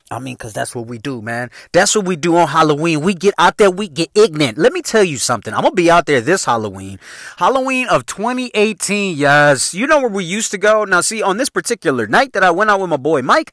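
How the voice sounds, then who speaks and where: A man's voice: on the high side, sing-song, brisk, fairly bright tone, no room sound, studio quality. A young man with a Chicago accent hosting a podcast, telling a comedic story in slangy, profane talk and laughing at his own jokes. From Chicago area, Illinois. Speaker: podcast host.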